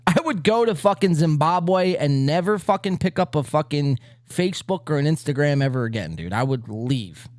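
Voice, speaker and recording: Brash, profane podcast host. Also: male voice, on the high side, animated, moderate pace, hardly any pauses, a little mellow, no echo, studio quality. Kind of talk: casual chat reacting to clips.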